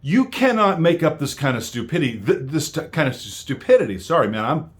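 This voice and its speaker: A man's voice: fairly high pitch, sing-song, a little fast. An American man delivering an angry political rant straight to his viewers, heated and full of stammering restarts. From United States. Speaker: vlogger.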